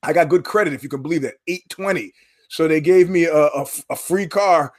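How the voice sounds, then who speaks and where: On his own podcast, a man with a highish voice talks briskly and alone, wandering between stories. The solo commentary is rambling, sardonic and full of profanity.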